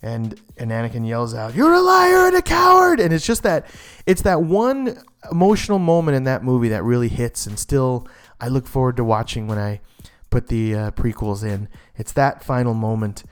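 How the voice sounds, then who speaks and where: Man, casual comic review, enthusiastic and rambling, smooth clear voice, mid pitch. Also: fairly even intonation, normal speed, a little mellow. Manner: enthusiastic, rambling with fillers and restarts.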